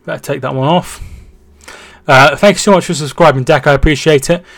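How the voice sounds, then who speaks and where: A young man runs a casual football live stream, speaking a little high and fairly quick with vocal fry, recorded with no room sound. He reads chat aloud, thanks viewers, gives match updates, trails off and restarts, and shouts excitedly when goals go in.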